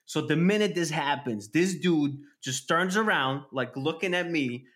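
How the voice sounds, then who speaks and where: Slightly high-voiced guy rambling through a crazy story, loose and sweary. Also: a little slow. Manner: animated storytelling, swearing, lots of "like" and "dude". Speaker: storyteller guest. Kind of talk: casual chat.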